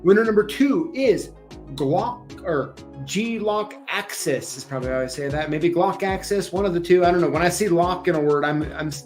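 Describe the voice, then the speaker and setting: Male host for a casual live giveaway show, rambly and relaxed, with faint tunes underneath. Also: high-pitched, normal speed. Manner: chatty, rambling, with frequent ums and laughs. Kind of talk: casual livestream chat. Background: faint music playing.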